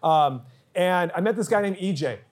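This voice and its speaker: A man's voice: high voice, lively intonation, moderate pace. A middle-aged man pastor telling a personal story in a sermon, earnest and acting out the quoted dialogue.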